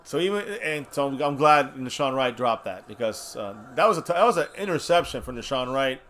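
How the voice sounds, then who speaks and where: A man's voice: mid-range voice, fairly quick. Tipsy, cursing man reacting to football. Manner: profane, excitable, swings from mutters to shouts. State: has been drinking. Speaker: host of a fan watch-party stream. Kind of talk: live game reaction and chat.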